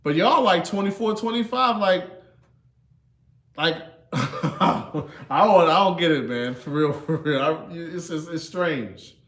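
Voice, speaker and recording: A laid-back livestream host in his thirties talks slowly in a roomy-sounding space, his voice a little high and a bit bright. He chuckles frequently and often caps his remarks with "you know" and "man".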